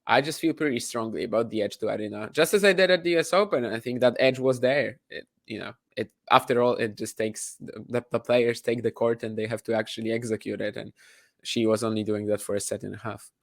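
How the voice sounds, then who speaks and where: Gravelly guy, blunt tennis opinions, lots of likes and you knows, call mic. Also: mid-range voice, brisk. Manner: blunt, dismissive, heavy on fillers like "like". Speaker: co-host tennis pundit. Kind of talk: casual opinionated chat.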